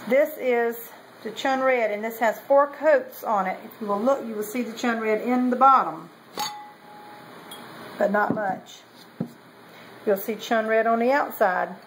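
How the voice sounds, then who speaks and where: Woman, higher voice, casual vlog chat, rambling, lots of ums. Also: unhurried, pauses often, slight background noise, low-quality recording. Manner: chatty, meandering, with many ums and self-corrections. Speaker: potter showing kiln results. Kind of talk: casual show-and-tell vlog.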